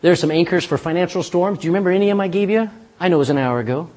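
A man's voice: high-pitched, rapid-fire, darkish tone. A pastor preaching a sermon in church, folksy and emphatic, talking straight to his congregation.

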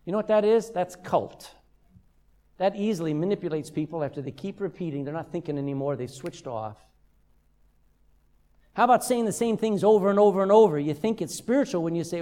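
A man's voice: high voice, brisk. An older man preaching a sermon as a pastor, telling stories with humor. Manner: humorous, lively storytelling.

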